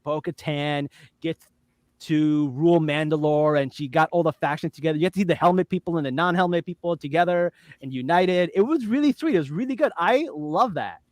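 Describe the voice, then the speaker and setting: A woman hosting a casual podcast chat, animated and laughing often, with plenty of fillers. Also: sits low, fairly quick, dry recording, clean studio sound. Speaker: podcast host.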